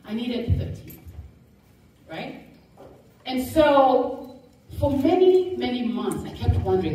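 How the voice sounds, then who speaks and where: A woman's voice: a little high, a little slow. Woman, motivational speaker, storytelling, very echoey room, distant mic, faint noise. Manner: animated, laughing, acts out quoted voices. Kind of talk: storytelling talk to a live audience.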